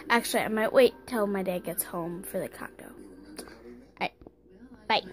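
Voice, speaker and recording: A young woman from Wisconsin, a vlogger rambling casually and excitably while a bit sick, filming on her phone at home and out on the porch. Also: medium pitch, moderate pace, pauses often. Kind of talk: casual vlog chat. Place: home, then outdoors on a porch in snow. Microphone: handheld phone.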